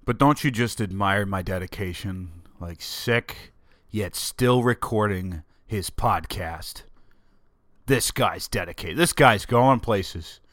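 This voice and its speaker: A man's voice: sits low, takes it slowly, fairly bright tone, dry recording, studio quality. A man with a sore throat hosting his own podcast from a home office, rambling and joking at his own expense. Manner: joking, self-mocking rambling. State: sore throat, under the weather. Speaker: podcast host. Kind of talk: casual solo podcast monologue. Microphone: desk microphone.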